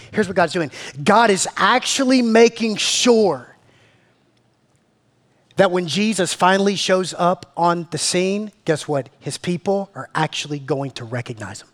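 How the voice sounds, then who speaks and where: A man preaching to his church in a casual, slangy way, swinging between loud and hushed. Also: high voice. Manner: slangy, calls listeners "man" and "family". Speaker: pastor. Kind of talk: sermon. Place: church meeting room.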